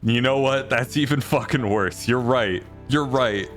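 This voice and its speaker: A man's voice: mid-range voice, a little slow, fairly bright tone, soft background music. A man casually commenting while playing a game, joking and swearing, laughing often.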